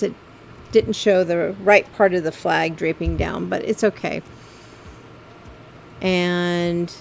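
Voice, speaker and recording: Woman talking over her game footage, halting n emotional, lotsa vocal fry, faint noise behind. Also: mid-range voice. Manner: halting and heartfelt, many ums. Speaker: game video creator. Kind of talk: casual voice-over narration of gameplay.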